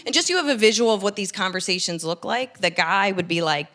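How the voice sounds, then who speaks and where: A woman in her thirties performing a stand-up comedy set, telling a story fast and animated, with loud shouted punchlines. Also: medium pitch. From United States. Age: 30s.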